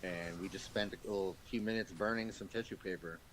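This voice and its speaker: A man's voice: sits low, steady tone, brisk, fairly bright tone, low-quality recording. A man chatting casually over a game, rambling with lots of fillers and frequent laughs. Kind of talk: casual chat while gaming.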